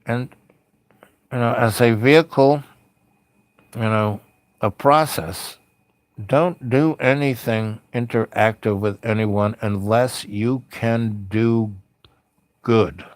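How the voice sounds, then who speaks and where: A male livestream host talks late at night about spiritual matters, loose and heartfelt, with many fillers as he meanders along. His medium-pitched voice moves slowly with long pauses, and the audio has no echo.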